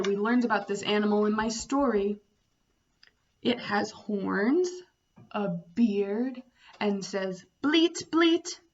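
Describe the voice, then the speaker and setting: A woman teaching young children about farm animals, speaking slowly and making animal sounds. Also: mid-range voice, muffled recording. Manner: slow, sing-song, imitating animal sounds. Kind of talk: children's storytime lesson.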